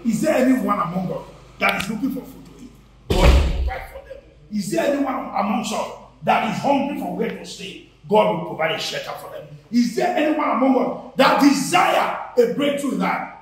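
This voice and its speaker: A man's voice: very high-pitched, expressive, moderate pace, slight background noise. A man leading a rhythmic call-and-response prayer to bless a house. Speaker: prayer leader. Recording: distant voice in a very echoey room.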